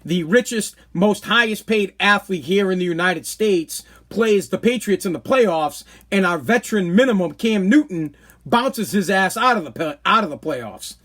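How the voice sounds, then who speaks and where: A man talks in a fairly high voice for a man. He rants casually and opinionatedly, joking and blunt, like a host chatting on his own podcast stream. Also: lively intonation, moderate pace, a bit bright. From Boston, New England. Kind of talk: casual live-stream rant.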